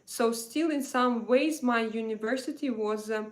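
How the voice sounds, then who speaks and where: Russian lady in her 30s on a livestream, talks slow with lots of uhs, kinda high pitched. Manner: slow, hesitant, many fillers and restarts. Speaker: live stream host. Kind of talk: casual live chat reading viewer comments.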